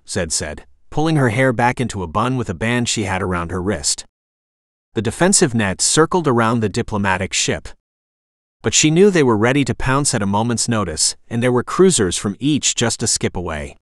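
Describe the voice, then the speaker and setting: A man reading a science-fiction story aloud as narrator, with a steady storytelling delivery. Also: on the low side, moderate pace, no room sound, studio quality. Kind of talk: scripted audiobook narration.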